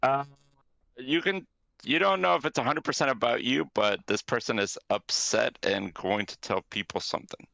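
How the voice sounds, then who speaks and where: A male game master narrates a tabletop game in an easygoing way, pausing on fillers and correcting himself. His voice is gravelly yet bright and forward. The sound is close and dry, with no room echo. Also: medium pitch. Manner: relaxed, with hesitant fillers and self-corrections.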